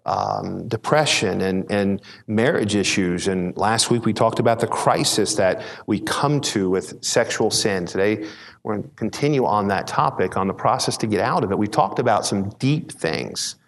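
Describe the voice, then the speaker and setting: A man's voice: on the low side, normal speed, vocal fry, in a large hall. A man preaching a conversational midweek sermon as pastor, telling folksy stories and often repeating words as he starts sentences.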